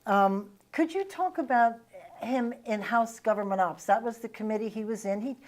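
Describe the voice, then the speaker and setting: A woman's voice: a little high, normal speed, a little mellow, slight background noise. Middle-aged Vermont woman hosting a chat. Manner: conversational, recalls stories, laughs readily. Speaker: host and former legislator. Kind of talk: casual interview chat.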